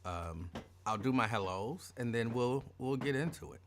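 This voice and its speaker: A man hosting an afternoon show, calling out listeners' names with excitement and dropping into low, quick asides. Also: a little hiss or hum. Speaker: radio show host. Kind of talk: casual call-out greetings to listeners.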